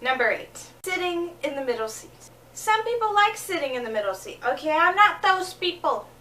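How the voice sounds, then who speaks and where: Bright-voiced young woman vlogging. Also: high-pitched, moderate pace, distant mic. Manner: animated, acting out scenes with quoted voices. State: jet-lagged, low energy. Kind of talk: comedic storytelling vlog.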